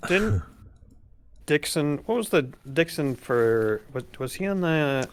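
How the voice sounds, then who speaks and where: A man's voice: a little high, animated, takes it slowly, clean tone. A man casually chatting and joking while building a game character. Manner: laughing, joking, thinking aloud. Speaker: player.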